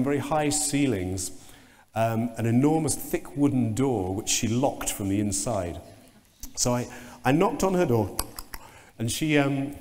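A man giving a conference keynote talk, telling anecdotes in an animated way and mimicking sounds and voices. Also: mid-range voice. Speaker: keynote speaker. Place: large conference hall. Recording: long reverb of a conference hall.

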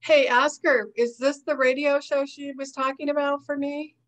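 Woman co-host, a bit high voiced, eager questions, laughs a lot, casual chat. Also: level tone, moderate pace, fairly bright tone. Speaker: podcast co-host.

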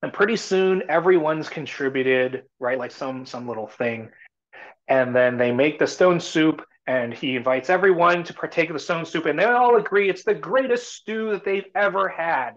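A man's voice: a little high, normal speed, a bit bright. A man talking as a startup CEO guest in a casual live talk, rambling and full of fillers and restarts. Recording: muffled lo-fi audio.

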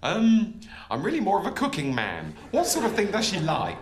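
An actor playing an imagined celebrity chef, a prickly, squeamish man with a deadpan, defensive way of talking. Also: sits high, moderate pace, crowd noise. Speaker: sketch character. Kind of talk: sketch comedy acting. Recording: roomy sound with clear noise.

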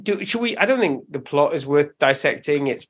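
A man co-hosting a podcast, chatting in a relaxed, joking way about a film. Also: a little high, moderate pace. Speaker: podcast co-host. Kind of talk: casual film chat.

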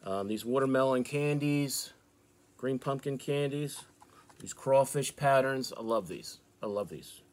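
An American man from the northeastern United States, hosting a fishing channel, casually showing off soft plastic baits in a relaxed, chatty way with fillers. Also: medium pitch, measured pace. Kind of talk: casual product show-and-tell.

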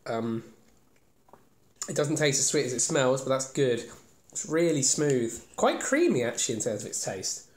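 A man's voice: mid-range voice, normal speed, pauses often. Chatty man reviewing beer, roomy sound. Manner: chatty, rambling, self-deprecating. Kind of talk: casual solo beer review. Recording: roomy echo.

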